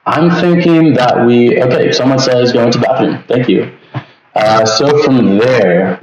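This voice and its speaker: In a distant, echoey, lo-fi recording with noise, a man running an online workshop from home over a video call works through a walkthrough, stumbling with fillers and restarts. His voice is medium-pitched and darkish, with a measured pace.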